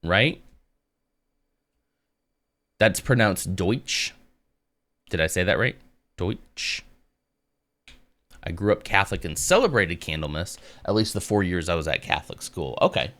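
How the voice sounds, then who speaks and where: Low-voiced man chatting on stream. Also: moderate pace, long pauses. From United States. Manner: relaxed and rambling, reads text aloud and answers chat. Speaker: live streamer. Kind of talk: casual live-stream chat and reading aloud.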